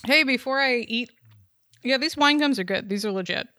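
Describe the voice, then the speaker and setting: A woman's voice: on the high side, moderate pace, sharp tone, dry recording. A woman co-hosting a podcast in casual, rambling chat over a call, laughing often. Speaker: podcast co-host. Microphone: remote call recording.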